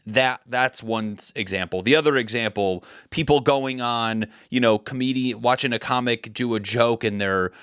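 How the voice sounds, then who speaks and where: A man in his thirties hosts a comedy podcast, ranting heatedly and rambling with many restarts. His medium-pitched voice is fairly bright, clear and resonant, delivered at a moderate pace with hardly any pauses. The studio-quality recording has no echo.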